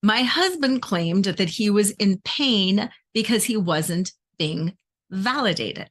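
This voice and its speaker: A woman's voice: medium pitch, animated, takes it slowly. A middle-aged woman, a relationship coach, talking emphatically and conversationally to her viewers. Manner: emphatic, conversational, acts out quoted voices. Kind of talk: direct-to-camera coaching talk.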